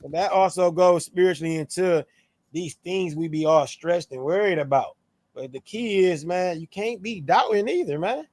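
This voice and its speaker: A man talks through scripture in a loose, animated, slangy way. His voice sits a little high. The sound is dry and close, with no room echo. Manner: animated, slangy, playful tones when quoting. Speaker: co-host of a scripture show. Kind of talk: casual religious discussion.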